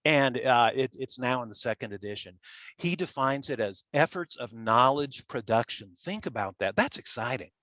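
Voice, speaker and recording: A man's voice: mid-range voice, animated, a bit bright, dry recording, dull audio. Nasal Midwestern man lecturing. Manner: halting, repeats words, self-deprecating. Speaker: public relations scholar. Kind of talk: academic lecture with slides.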